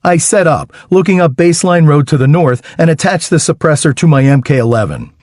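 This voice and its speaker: A man narrating a first-person audiobook in a wry, lively storytelling manner with dry humor. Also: fairly high pitch, a little fast, dry recording.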